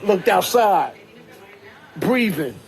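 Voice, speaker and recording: A man with a high voice for a man rambles through a story on a livestream. He swears freely and keeps asking if you heard him. The sound comes through a phone mic. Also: very animated, drawn-out words, creaky, faint music behind. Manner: profane, streetwise, keeps checking in with "you heard?".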